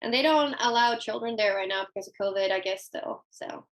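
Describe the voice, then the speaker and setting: A young woman co-hosting a podcast in casual chat, telling stories with voiced quotes and laughter, recorded with rough home audio. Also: mid-range voice, fairly quick. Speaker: podcast co-host.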